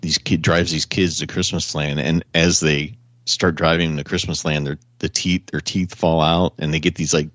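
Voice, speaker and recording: Deep-voiced man rambling through a story. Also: normal speed, few pauses, dry recording, dull audio. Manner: rambling animated storytelling with frequent chuckles. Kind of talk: casual chat. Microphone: remote call audio.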